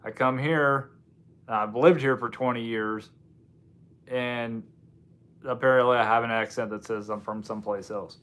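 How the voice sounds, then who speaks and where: This medium-pitched, somewhat bright voice belongs to an American man hosting a relaxed livestream. He talks at a normal speed in a steady tone, leaving long pauses as he rambles to viewers and makes self-deprecating jokes.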